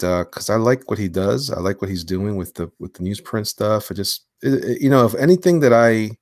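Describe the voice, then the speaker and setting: A man hosting a casual live stream from his home studio while drawing, talking in slang and swinging between hyped greetings and low mumbles. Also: no room sound. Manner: animated, slangy, hyped one moment and mumbling low the next. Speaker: livestream host and comic illustrator.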